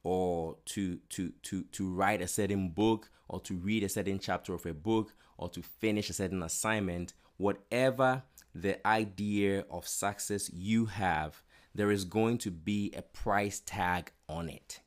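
A man's voice: low voice, measured pace. A man preaching an earnest sermon, often repeating words as he builds his point.

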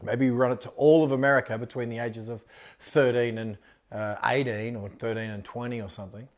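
A man's voice: mid-range voice, steady tone, brisk. Rambling, chatty man giving advice. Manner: chatty, rambling, with many fillers and restarts. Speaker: business mentor answering a question. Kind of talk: casual advice talk.

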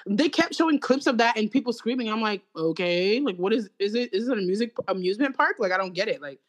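Young woman ranting, profane and animated. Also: medium pitch, fast talker. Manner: animated, profane, mocking ranting with quoted asides. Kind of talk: casual chat.

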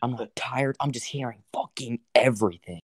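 A young man telling a lively story to friends, swearing freely. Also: mid-range voice, moderate pace, slightly rough. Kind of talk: casual chat.

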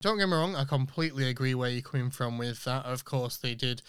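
A man from England chats enthusiastically about films on his podcast. His voice is smooth and resonant. The recording is dry and close, with no room sound. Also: medium pitch, steady tone, a little fast, a bit bright, dry recording. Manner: chatty, enthusiastic, self-correcting asides. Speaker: podcast host. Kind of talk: casual podcast commentary.

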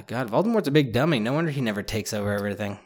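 A man chatting casually about a book, rambling with many restarts and fillers, and growing animated as he goes. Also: lowish voice, fast talker. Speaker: podcast co-host discussing a book. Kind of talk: casual chat.

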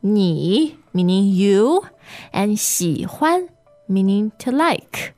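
A woman leads a podcast language lesson at an unhurried pace. She models each word carefully and repeats it so the listener can follow. Soft music sits faintly behind her. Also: medium pitch, very animated. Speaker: language teacher.

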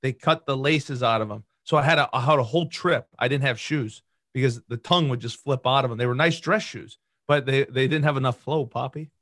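A man's voice: medium pitch, a little fast, hardly any pauses, a bit bright, no echo. Easygoing man, dry close sound. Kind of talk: casual chat.

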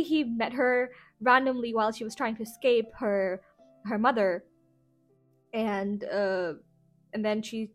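A chatty woman with a fairly high voice rambles through a casual review, leaning on filler phrases as she talks. Faint music plays underneath her voice. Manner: chatty, full of "you know" fillers. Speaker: podcast host.

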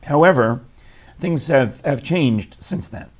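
A man's voice: medium pitch, animated, takes it slowly. A man with a scratchy throat from allergies, co-hosting a casual radio chat, rambling and laughing often. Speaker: radio show co-host. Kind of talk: casual morning-show chat.

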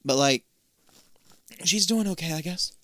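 A man co-hosting a podcast, retelling a show's plot in a relaxed, matter-of-fact way with casual swearing. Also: a little high, a little slow. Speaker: podcast co-host. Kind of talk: casual chat recapping a show.

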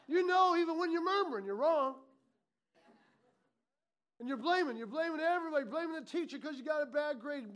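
A man preaching a sermon, animated and playful, acting out muttered complaints from his congregation. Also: extremely high pitch. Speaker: pastor.

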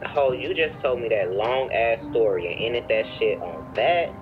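A man's voice: medium pitch, animated, phone-quality sound, background noise, natural voice. An actor playing a blunt, foul-mouthed young man who curses nonstop on a video call. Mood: annoyed. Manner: brash and profane, rapid cursing.

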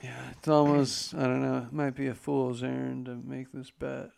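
A man with a gravelly, creaky edge, co-hosting a laid-back podcast. He talks loosely and jokes along, dropping the odd curse word. His pitch sits in an ordinary middle range. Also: little pitch movement, normal speed, darkish tone. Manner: loose, joking, swears casually. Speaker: podcast co-host. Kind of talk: casual chat.

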